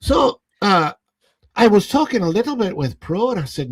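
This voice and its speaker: A man's voice: high voice, sing-song, moderate pace, slightly rough. A man hosting a casual livestream podcast, rambling and full of fillers and restarts, often laughing at his own stories.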